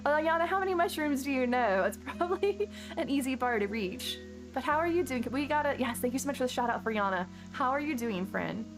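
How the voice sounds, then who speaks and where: Lo-fi music plays clearly beneath a slightly high-voiced woman streamer throughout as she gushes thanks to her viewers. Her loose, rambling chat is expressive and a little fast, full of stumbles and restarted sentences.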